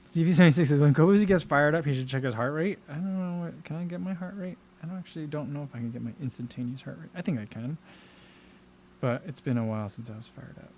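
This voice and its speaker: With a fairly high, darkish voice and a quick pace, this man hosts a casual livestream against slight background noise. He reads his chat and rambles on, heavy on fillers and restarts.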